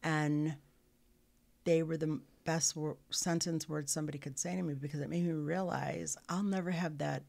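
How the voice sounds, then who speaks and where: A middle-aged woman, a podcast guest, telling her life story candidly, earnest and halting with frequent restarts. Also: low-pitched, steady tone, creaky, a little mellow.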